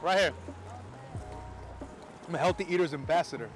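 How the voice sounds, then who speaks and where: A man from New York with a New York American accent, talking excitedly to camera in a casual vlog on a city street, swearing now and then. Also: on the high side, moderate pace, faint music behind. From New York, USA. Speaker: film photography vlogger.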